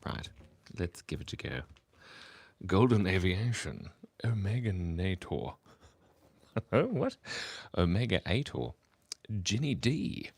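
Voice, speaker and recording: A man chatting with viewers on a live stream while he draws, keeping his voice low and quiet because it is early morning at home, playful and rambling. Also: animated, a little slow, pauses often, slightly rough. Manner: talking quietly, hushed. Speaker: livestreaming artist. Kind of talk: casual live-stream chat while drawing.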